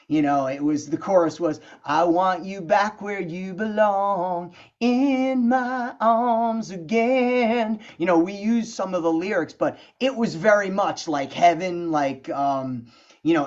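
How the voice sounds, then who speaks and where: A middle-aged man, a guest songwriter, telling stories in a casual interview, chatty and animated, filling his talk with "you know" and "man". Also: on the high side. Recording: dull lo-fi sound.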